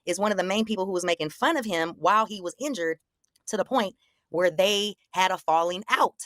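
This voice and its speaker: A young adult woman casually recounting a confrontation, acting out the quoted lines in a higher, animated voice. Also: a little fast, no room sound, studio quality. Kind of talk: casual storytelling in conversation.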